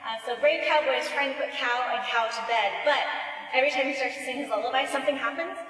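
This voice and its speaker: Woman librarian presenting at a conference, casual and chatty, slightly high voice, caught from a distance in a big reverberant hall. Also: fast, fairly bright tone. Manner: casual and chatty, says "like" a lot; acts out story voices with big pitch jumps. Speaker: children's librarian, keynote speaker. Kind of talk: conference talk on storytime books. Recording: echoey hall recorded from far off, faint music.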